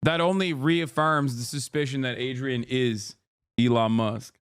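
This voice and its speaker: A man reacting to clips on his stream in casual commentary, blunt and profane, talking excitedly to his chat. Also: medium pitch, measured pace, smooth, no echo, studio quality.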